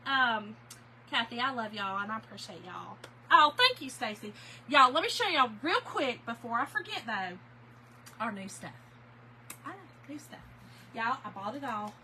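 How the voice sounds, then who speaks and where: A woman's voice: fairly high pitch, lively intonation, moderate pace, bright, forceful tone, a little hiss or hum, poor audio. A chatty, effusive woman, hosting a casual live sale stream and thanking viewers by name. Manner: gets emotional and laughs easily. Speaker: host of a live craft-supply sale. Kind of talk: casual livestream chat.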